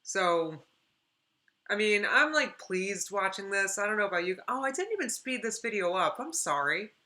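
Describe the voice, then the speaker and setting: A woman's voice: mid-range voice, very animated, normal speed, sharp tone. A woman commenting casually on a video during a live stream, chatty and supportive. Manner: chatty, supportive, apologetic asides.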